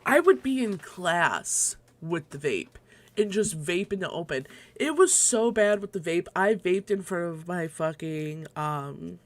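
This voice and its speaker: With a fairly low pitch, lively intonation and an unhurried tempo, a young woman chats through a casual solo livestream at home. She rambles, swears, breaks into laughter often and sounds slightly short of breath.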